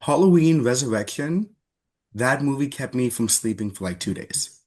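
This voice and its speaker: Animated man telling movie stories. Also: medium pitch, normal speed. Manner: animated storyteller, laughs mid-sentence. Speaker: podcast guest. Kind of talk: casual movie chat.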